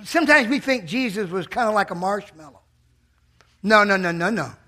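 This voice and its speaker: A man preaching a sermon in a church, impassioned, breaking into loud shouted bursts. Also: sits high, animated, normal speed.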